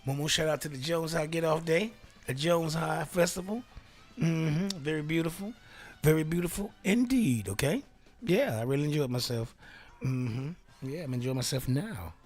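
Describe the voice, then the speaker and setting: A man's voice: on the high side, moderate pace, darkish tone, husky, faint music behind. A man hosting a casual solo talk show, reading aloud and joking around, laughing often and dropping into whispered asides. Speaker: radio host.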